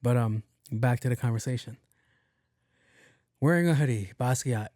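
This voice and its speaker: This young man's podcast monologue is casual storytelling: a rambling, profane tale where he voices both people in the exchange. His voice is warm and medium-pitched at a normal speed, and the studio sound is clean with no room tone.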